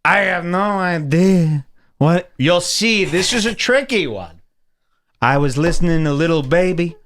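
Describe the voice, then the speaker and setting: Bright, animated male podcast host. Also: high voice, unhurried. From United States. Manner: animated, swearing, mimics clips. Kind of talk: casual comedic chat.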